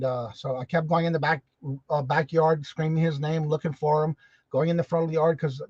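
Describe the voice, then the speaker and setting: A man's voice: a little high, no room sound. Chatty male host greeting viewers by name. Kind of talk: casual livestream chat. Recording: dull, dry sound.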